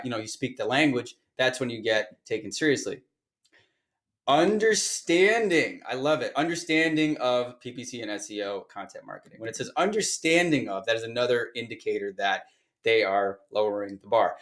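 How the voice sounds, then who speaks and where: A man teaching an online course, talking casually and thinking aloud as he reads through listings on his screen. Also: mid-range voice. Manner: chatty, thinks aloud while reading listings. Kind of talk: casual screen-share walkthrough.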